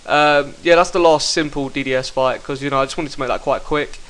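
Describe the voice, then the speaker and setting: A young man commentating his own online game fights, excitable and quick to swear, talking into a headset mic. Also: mid-range voice, rough recording. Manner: excitable, swears, bursts into shouts. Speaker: gaming commentator. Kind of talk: live gameplay commentary.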